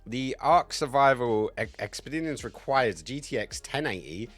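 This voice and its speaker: A man's voice: medium pitch, lively intonation, moderate pace, a bit bright, faint music behind. A man in his thirties chatting casually on a game livestream, rambling, crude and joking. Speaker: game streamer.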